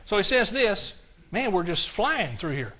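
High, bright-voiced older male preacher. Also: very animated, unhurried. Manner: emotional, fervent preaching with audience call-outs. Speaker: pastor. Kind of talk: sermon.

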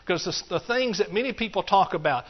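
A man with a high, husky voice and lively intonation preaches at a fairly quick pace. He repeats phrases in a rhythmic build and drops in hallelujahs, all on a dull, muffled recording.

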